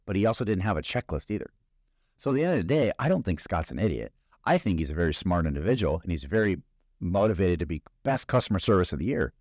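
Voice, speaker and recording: A man's voice: sits low, a little mellow, no room sound, clean studio sound. A man hosting a podcast, giving a conversational motivational business talk full of stories and rhetorical questions. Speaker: podcast host.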